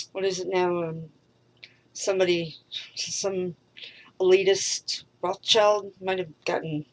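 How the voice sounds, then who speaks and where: Middle-aged woman, frustrated solo monologue, mid pitch, halting and profane. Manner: frustrated, rambling, swears freely, trails off; halting, with many pauses and fillers. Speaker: vlogger. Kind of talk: rambling personal monologue.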